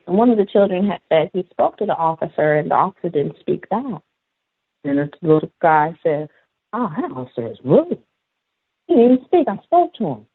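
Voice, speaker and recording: A man calling in, telling a story from his school job in a rambling, halting way with many fillers. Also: sits high, dry recording. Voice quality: gravelly, husky. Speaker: caller, school aide. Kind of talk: casual storytelling. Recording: dry, tinny phone line.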